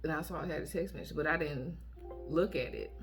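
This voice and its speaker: A woman vlogger telling a dating story to her viewers in a casual, blunt and animated way, often acting out what she said in a raised voice. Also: deep voice, fairly quick, music in the background.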